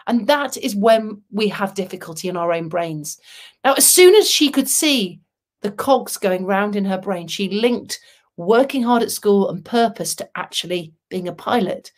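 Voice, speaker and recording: Middle-aged woman, motivational speaker, animated and wry storytelling delivery. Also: mid-range voice, normal speed. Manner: lively, humorous storyteller, dry asides. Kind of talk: storytelling keynote talk.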